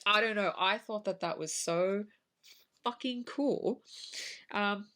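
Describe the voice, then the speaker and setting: A woman's voice: medium pitch, takes it slowly, pauses often, fairly bright tone. A woman co-hosting a podcast, chatting casually about a film, swearing and acting out her own reactions. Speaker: podcast co-host. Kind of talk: casual film review chat.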